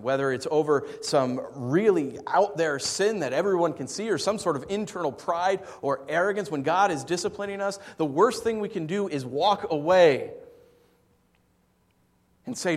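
A man preaching a sermon, swinging from soft, low asides to loud, emphatic passages and telling stories in a conversational way. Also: lively intonation, moderate pace. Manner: conversational storytelling with fillers. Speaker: pastor. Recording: long hall reverb.

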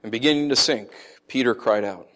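A man preaching a sermon who tells stories with animated swings, then teaches in an earnest, conversational way. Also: a little fast. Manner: animated storytelling, lively swings in pitch and loudness. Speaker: pastor.

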